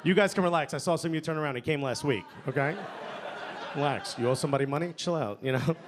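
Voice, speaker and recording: Speaking fast in a voice on the high side, a comedian does stand-up before a live club audience, holding a handheld mic. He chats, laughs at his own jokes, and caps lines with "okay?" or "you know?"; audience laughter and background crowd noise are heard throughout the live recording.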